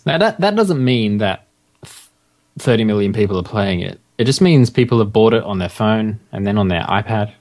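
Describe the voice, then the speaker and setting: A man's voice: on the low side, lively intonation, normal speed, darkish tone. A man co-hosting a podcast in casual chat, sarcastic and giggly, with the odd swear word. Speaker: podcast co-host.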